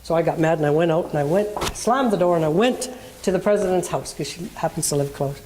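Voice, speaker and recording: Woman minister, sermon storytelling, conversational, slightly low voice, faint background noise. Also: fast talker, darkish tone. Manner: conversational, acts out the people in her story.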